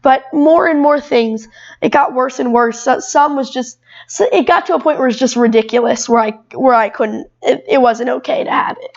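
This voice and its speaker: A twelve-year-old girl talking as a podcast guest. Her voice sits high, and she rambles freely, filling her sentences with "like" and restarting them often. The recording is a bit dull and muffled. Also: normal speed. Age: 12 years old. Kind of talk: casual chat.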